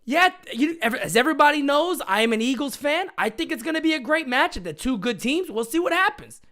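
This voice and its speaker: A man hosting a live fan chat stream, loud and hyped, ranting and often shouting. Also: very high-pitched, lively intonation, fairly quick.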